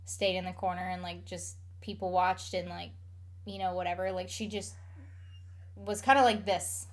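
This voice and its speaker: A woman's voice: fairly low pitch, fairly even intonation, moderate pace. A young adult woman chatting casually as a streamer, rambling with lots of fillers while she answers chat questions. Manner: rambling, filler-heavy, frequent "like".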